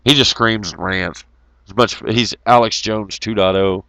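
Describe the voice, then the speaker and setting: A man's voice: fairly low pitch, a little slow, creaky, sharp tone, no echo. A middle-aged man hosting an online talk show, ranting heatedly with lots of swearing and mocking asides. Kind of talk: profane ranting monologue.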